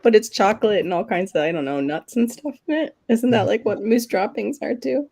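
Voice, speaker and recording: A woman's voice: mid-range voice, brisk, creaky, mellow, husky. A middle-aged woman co-hosting a livestream, chatting casually with rambling asides and frequent laughs. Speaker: livestream co-host. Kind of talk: casual chat.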